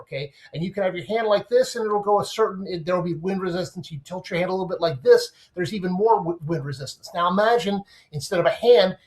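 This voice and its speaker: His voice sits high as the man, a guest sports writer, takes part in a casual podcast discussion. He's animated when explaining things, drawing on everyday comparisons.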